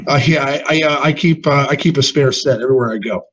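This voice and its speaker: A man hosting a casual live gaming show, often halting and restarting his words. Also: mid-range voice, fairly bright tone, slight background noise, poor audio.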